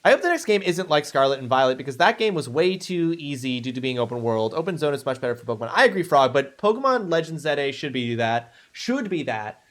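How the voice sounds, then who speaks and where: A man's voice: fairly high pitch, big pitch swings, quick pace, few pauses, a bit bright. A man streaming a video game live, chatting upbeat with viewers and thanking them energetically. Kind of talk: casual live stream chat.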